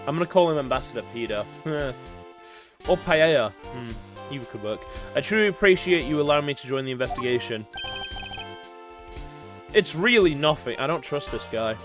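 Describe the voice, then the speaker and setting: A man's voice: medium pitch, lively intonation, normal speed, music in the background. A man streaming a video game, chatting casually with his viewers, joking and swearing freely. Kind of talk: casual let's-play chat and reading game dialogue aloud.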